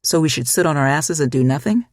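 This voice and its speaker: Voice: mid-range voice, expressive, fast talker, no room sound, studio quality, natural voice. A reader voicing a curt young town cop. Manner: blunt, gruff questions.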